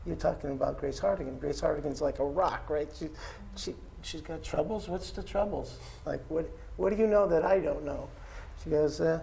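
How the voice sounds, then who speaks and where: A man telling an anecdote at a panel talk, animated and acting out the people he quotes. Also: fairly high pitch, moderate pace, vocal fry, slight background noise. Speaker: panel guest, artist's estate guardian. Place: art gallery talk.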